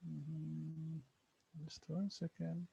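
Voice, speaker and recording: A man's voice: a little high, completely flat delivery, extremely slow, gravelly, dark tone, husky, dull audio. A man teaching an online class, patiently repeating sounds and names for his students over a video call. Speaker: Arabic teacher.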